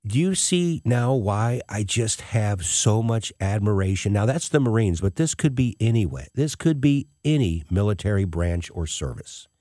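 Emotional storytelling man, low voice. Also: expressive, normal speed, few pauses, dark tone, no echo, studio quality. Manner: emotional, tearful. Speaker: host. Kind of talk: personal storytelling.

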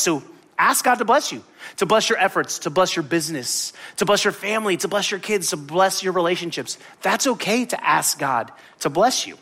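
A man preaching a sermon, animated and jokey, acting out quotes as he tells a story. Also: high-pitched, a little fast. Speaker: pastor.

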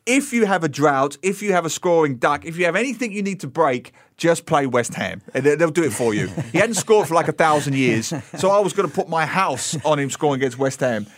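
A man chatting on a radio sports show, telling funny stories and breaking into sudden high-pitched exclamations. His voice sits fairly high and swings widely as he talks. The studio sound is dry and close. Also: a little fast, few pauses, no room sound. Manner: animated, comic storytelling with sudden high exclamations. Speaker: football columnist guest. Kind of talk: lively casual radio chat.

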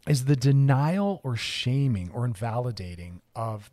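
Male podcast host, mid-pitched, earnest and emphatic, dry close mic. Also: animated, unhurried, mellow, no echo. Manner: earnest, emphatic, repeats key phrases. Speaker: podcast host answering listener messages. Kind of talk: casual explanatory talk.

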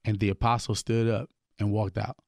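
A man's voice: on the low side, little pitch movement, normal speed, a little mellow, no room sound, studio quality. A man, a gospel hip-hop artist, earnestly telling his life story as a guest on a radio show. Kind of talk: radio interview, personal testimony. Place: radio studio.

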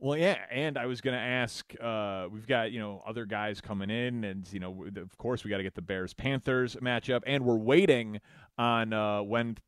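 Sports radio dude running the call-in show, dry studio mic, easygoing. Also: male voice, lowish voice, clean tone, dry recording. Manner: relaxed, chatty, quick stat asides.

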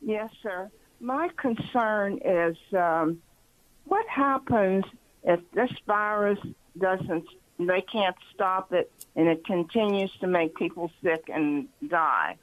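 A woman's voice: medium pitch, lively intonation, slow pace, no echo, phone-quality sound. A woman calling in to a radio show, speaking hesitantly and unsure of herself. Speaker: caller. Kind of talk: phone call to a radio show.

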